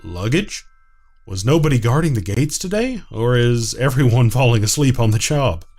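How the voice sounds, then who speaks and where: A man's voice: mid-range voice, expressive, normal speed, darkish tone, soft background music. A man doing a cold, aloof male mnemonicide. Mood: cold, curt. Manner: curt, formal, dismissive.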